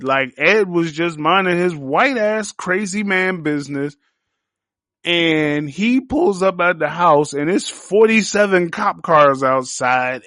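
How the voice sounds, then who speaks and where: A man hosting a podcast, giving a casual solo review of a TV series, telling it as an animated, profane story. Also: a little high, no room sound, clean studio sound. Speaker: podcast host.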